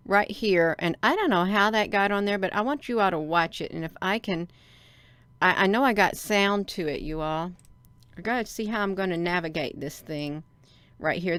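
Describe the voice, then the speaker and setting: Lady on a livestream at home, gets all wound up, keeps saying "you all", smooth clear voice. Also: on the low side, no room sound. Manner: excitable, repeats herself, addresses viewers as "you all". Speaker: livestream host. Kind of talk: casual livestream talk to viewers.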